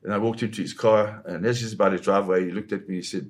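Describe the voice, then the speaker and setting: A man with a fairly low voice tells a tense story from his past in an interview, vividly and dramatically. He sometimes slips into voicing the people in the story. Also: fairly even intonation, rapid-fire. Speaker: photojournalist guest. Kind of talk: dramatic first-person storytelling.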